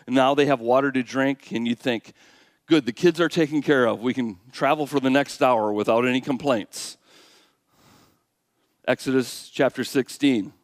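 A man preaching a sermon, animated, swinging from hushed asides to loud exclamations. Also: a little high, no room sound, studio quality. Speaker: pastor.

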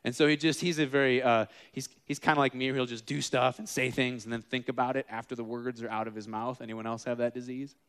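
A man in his thirties or forties preaching a casual, animated sermon, acting out the figures in his stories with asides to the room. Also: medium pitch, quick pace, few pauses, smooth. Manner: animated, acts out quoted figures, self-deprecating asides.

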